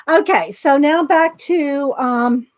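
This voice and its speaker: Middle-aged woman, high-pitched, slightly breathless, rambling livestream host chatting with viewers. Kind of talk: casual livestream chat.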